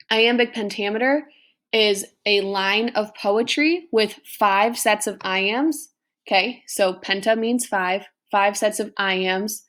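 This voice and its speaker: A woman's voice: mid-range voice, fairly bright tone. A young woman teacher giving a recorded class lesson, patiently explaining and checking in with "okay?" after each point.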